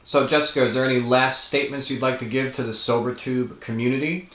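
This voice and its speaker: A man hosting a show, speaking earnestly to the camera and speeding up or slowing down for emphasis. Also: medium pitch, fairly even intonation, fairly bright tone. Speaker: host. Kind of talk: earnest direct-to-camera talk. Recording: roomy echo.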